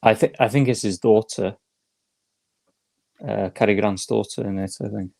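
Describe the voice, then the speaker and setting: A man's voice: on the low side, fairly even intonation, normal speed, gravelly, a little mellow. A man in a casual chat who repeats himself and says yeah a lot.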